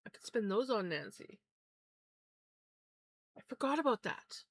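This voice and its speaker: A woman's voice: a little high, big pitch swings, unhurried, dry recording. A woman chatting casually on a livestream while spinning yarn, easygoing and a bit scattered as she talks to her viewers.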